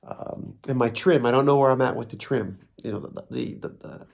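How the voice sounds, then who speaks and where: A man's voice: mid-range voice, normal speed, creaky. A man with a New Jersey accent telling a funny story in a rambling, self-mocking way with many restarts. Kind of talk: casual comic storytelling.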